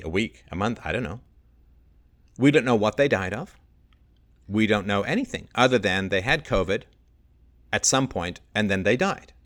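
A man's voice: mid-range voice, fairly bright tone. A middle-aged man hosting a solo livestream, reading news aloud and picking at it with sarcastic, exasperated rhetorical questions. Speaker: livestream host.

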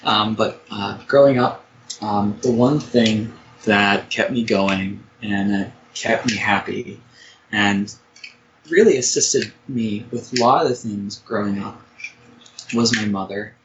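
Young man, caller, slow, hesitant, lots of ums, noisy background. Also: fairly low pitch, highs cut off. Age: 20s. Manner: hesitant, many "um"s and restarts. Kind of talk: call-in conversation.

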